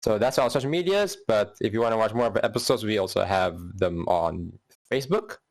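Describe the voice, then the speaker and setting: Gravelly-voiced man rambling casually. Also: lowish voice, expressive, a little fast. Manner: rambling, repeats words, laughs often. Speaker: podcast co-host. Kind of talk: casual chat.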